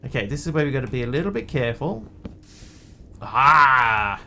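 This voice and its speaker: A man's voice: medium pitch, lively intonation, rapid-fire, creaky, slight background noise. A man streaming a game, chatting playfully with viewers and cracking jokes as he plays. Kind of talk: casual gameplay commentary.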